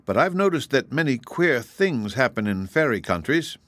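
A man voicing a kindly little male wizard who admits to being a humbug, explaining things gently in an audiobook reading. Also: mid-range voice, very animated, normal speed, dry recording, clean studio sound, voice pushed up.

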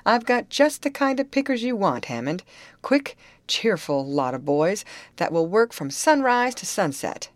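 A woman reading the part of a loud, hearty middle-aged male labor contractor in an audiobook. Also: mid-range voice, very animated, a little slow, dry recording, voice pushed up.

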